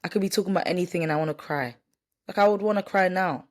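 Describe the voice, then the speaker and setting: A woman's voice: on the low side, racing. Candid rambling woman vlogging. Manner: rambling and candid, with restarts and self-corrections. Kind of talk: casual vlog chat, partly read from a script.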